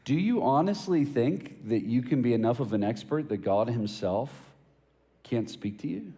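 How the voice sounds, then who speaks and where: A man's voice: medium pitch, expressive, moderate pace, warm tone, big-room sound. A man preaching a sermon as a pastor, telling casual stories with jokes and asking emphatic questions. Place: church hall.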